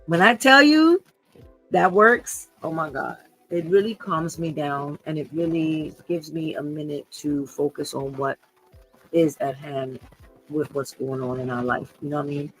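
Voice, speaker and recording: A woman's voice: low-pitched, steady tone, unhurried, soft background music, poor audio. Emotional woman hosting a live podcast. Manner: emotional, earnest, repeats herself. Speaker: podcast host. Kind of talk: unscripted livestream talk.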